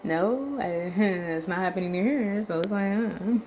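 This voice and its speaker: A woman's voice: mid-range voice, lively intonation, a little slow, a little mellow, slight background noise, rough recording. A woman reading tweets aloud in a vlog and reacting between them, with loose asides, swearing and trailing thoughts, a little winded. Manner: laid-back, muttering asides and swear words, trailing off. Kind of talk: casual commentary reading tweets.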